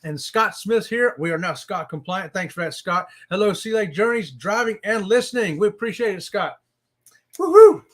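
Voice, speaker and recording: A man co-hosting a casual live stream, greeting viewers in the chat and talking in a lively way. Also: high voice, moderate pace, few pauses. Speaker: co-host of cruise live stream.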